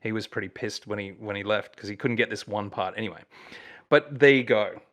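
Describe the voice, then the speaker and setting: An Australian man with a fairly low voice chats as a guest musician. He tells stories eagerly, circling through fillers and restarts, in a relaxed, casual way. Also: a little fast. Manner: enthusiastic, rambling storyteller with many fillers. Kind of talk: casual chat.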